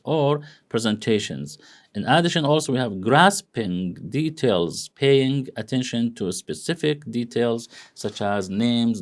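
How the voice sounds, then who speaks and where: A man giving a university lecture in English, rambling, full of "you know" and "okay" checks, swinging his pitch wide to act out example phrases. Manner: acts out intonation examples with big pitch swings. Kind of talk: classroom lecture.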